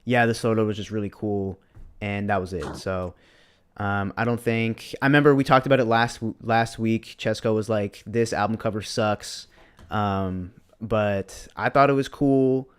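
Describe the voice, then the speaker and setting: A man's voice: lowish voice, steady tone, normal speed, clear, resonant tone. A young man co-hosting a podcast livestream, chatting casually with laid-back slang and answering viewers' chat. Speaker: podcast co-host.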